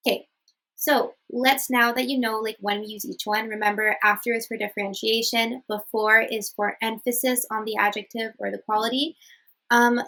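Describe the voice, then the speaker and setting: Young woman teaching spanish online, kinda high voice, chatty, says okay a lot. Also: gravelly, fairly bright tone, low-quality recording. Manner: chatty, many fillers and "okay?" checks. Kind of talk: casual online lesson.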